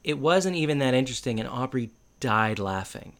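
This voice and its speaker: A man talks through a sitcom episode with his co-host in a relaxed way. He tells rambling little anecdotes and slips in puns to tease her. His voice sits at an everyday middle pitch. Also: fairly quick. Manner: joking, teasing, makes puns and tells loose anecdotes. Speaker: podcast co-host. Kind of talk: casual chat recapping a sitcom episode.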